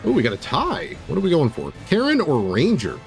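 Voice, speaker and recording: A man's voice: a little high, wildly swooping pitch, brisk, creaky, soft background music. A man streaming and game-mastering, reading an AI-written tabletop story live and breaking off to react to it.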